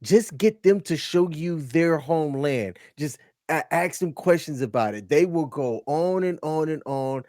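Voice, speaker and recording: Co-host type: a fairly high-pitched American man, emphatic and animated, in a dry close-miked sound. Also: measured pace, hardly any pauses, no echo. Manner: emphatic, animated advice giving. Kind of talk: casual podcast reaction chat.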